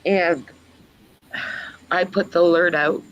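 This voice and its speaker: A woman, a mother, giving a personal testimony in an earnest, storytelling way with many pauses. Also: fairly low pitch, fairly even intonation, lo-fi sound. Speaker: guest mother.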